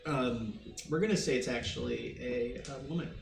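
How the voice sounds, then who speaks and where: A man's voice: mid-range voice, normal speed, vocal fry. A man acting as game master of a tabletop game, laid-back and hesitant, with many fillers. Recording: roomy distant mic, faint noise.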